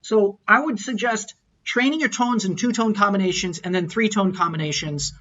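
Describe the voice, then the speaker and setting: A man's voice: sits high, normal speed, fairly bright tone, highs cut off. A man teaching a recorded lecture, explaining and repeating words as he models tones aloud. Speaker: language teacher.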